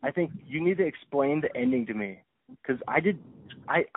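A man's voice: fairly high pitch, normal speed, breathy edge. A man co-hosting a casual movie podcast, easygoing and hesitant, often laughing and restarting his sentences. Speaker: podcast co-host. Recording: thin phone-like sound, dry.

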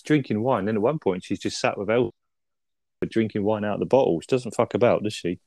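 A man's voice: on the low side, fairly quick, a little mellow, no echo. A man co-hosting a casual film review, laid-back, swearing and tagging his lines with questions. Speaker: podcast co-host.

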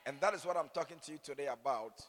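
In a church hall with long reverb, a male preacher opens his sermon with prayer, then teases his congregation in call-and-response. He talks very fast in a slightly high, fairly bright voice.

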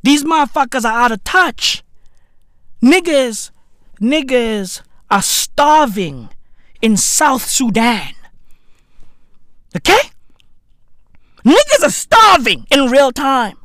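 Young man doing a slow, mocking, exasperated rant, very high and swooping. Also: sing-song, sharp tone, no room sound, clean studio sound. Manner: mocking, exasperated, repeats "bruv" and "fam". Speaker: commentator. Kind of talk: profane comedic rant.

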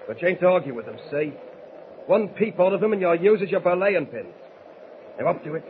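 A menacing mutineer ringleader, barking threats in coarse grammar. His voice sits high, coming through a muffled 1940s radio broadcast with faint hiss. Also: big pitch swings, a little fast. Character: menacing English mutineer ringleader, gruff man.

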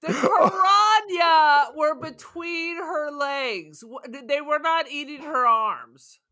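A woman's voice: high-pitched, sharp tone. A woman co-hosting a podcast, trading sarcastic quips in a casual chat about a horror movie. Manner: playful, sarcastic, quick quips. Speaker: podcast co-host.

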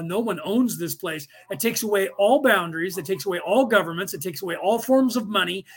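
Man, high voice, podcast host, rambling, emphatic, casual chat. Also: husky. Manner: rambling, emphatic, reads listener comments aloud. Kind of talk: casual commentary to an audience.

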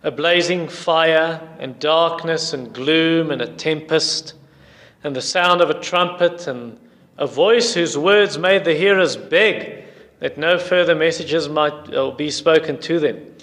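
A man's voice: on the high side, takes it slowly, fairly bright tone. A male preacher delivering a sermon and retelling a story in an emphatic way. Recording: long hall reverb.

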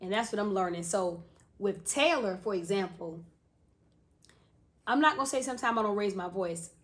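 A woman in her thirties, one of a podcast's co-hosts, speaks in a mid-range voice at a moderate pace. In this casual chat she tells family stories with animation and laughs a lot.

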